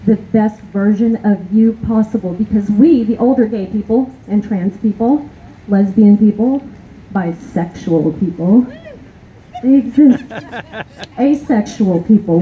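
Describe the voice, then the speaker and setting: A woman from East Texas gives an impassioned, angry speech at an outdoor rally, hammering her points through repetition. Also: medium pitch. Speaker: rally speaker. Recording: tinny, narrow, lo-fi sound with faint hiss.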